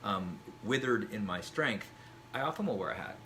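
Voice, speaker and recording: A man in his forties talks as a guest in a relaxed chat, thinking aloud and restarting his sentences. His bright voice swings widely in pitch, and a faint hiss sits under the recording. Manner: reflective, halting with restarts. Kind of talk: casual chat.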